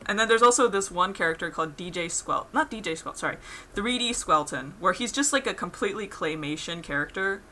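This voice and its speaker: Young female streamer, bright tone, casual rambling chat while drawing. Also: on the low side, animated, brisk, a little hiss or hum. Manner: rambling, lots of "like" fillers, laughs through stories. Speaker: art streamer.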